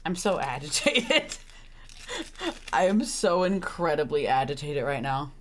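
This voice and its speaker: A woman's voice: low voice, big pitch swings, takes it slowly, slight background noise. A young woman streaming a visual novel, reading lines and reacting with sarcastic, exasperated, sweary commentary. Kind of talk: casual let's-play commentary.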